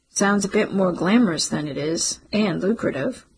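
A woman narrating a novel as an audiobook in a wry, even storytelling manner, with a husky, breathy voice. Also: on the low side, moderate pace, poor audio. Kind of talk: scripted narration.

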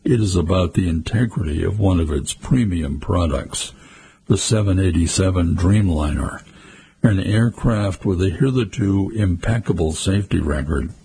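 A man reading a news report in a measured, formal way. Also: sits low, creaky, dark tone, slight background noise. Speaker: news narrator. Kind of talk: scripted news narration.

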